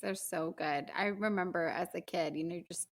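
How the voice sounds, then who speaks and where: A woman's voice: on the low side, moderate pace. A woman co-hosting a film podcast, speaking earnestly and emotionally about a movie. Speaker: podcast co-host. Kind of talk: casual film discussion.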